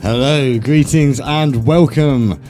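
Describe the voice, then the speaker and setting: A man's voice: medium pitch, takes it slowly, dark tone, slight background noise. A man hosting a casual radio chat show from a studio, upbeat and chatty, often agreeing. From England. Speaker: radio host.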